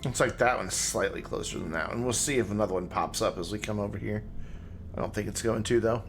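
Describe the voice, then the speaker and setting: Relaxed man chatting over game music. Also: on the low side, quick pace, gravelly. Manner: relaxed, chatty, thinks aloud. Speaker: streamer. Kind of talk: casual gameplay commentary.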